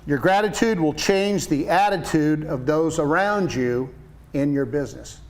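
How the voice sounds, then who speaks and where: A man in his sixties, a painting business owner, chatting as a guest and telling lively stories with quoted voices. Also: fairly high pitch, a little slow. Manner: enthusiastic storyteller, animated quoted voices. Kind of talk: casual interview chat.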